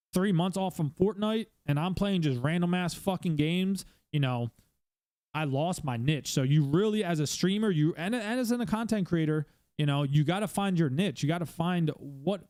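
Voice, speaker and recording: A man's voice: a little high, expressive, moderate pace, darkish tone, no echo. A male streamer hosting his own podcast, giving blunt casual advice with lots of swearing and fillers, talking from a room at home.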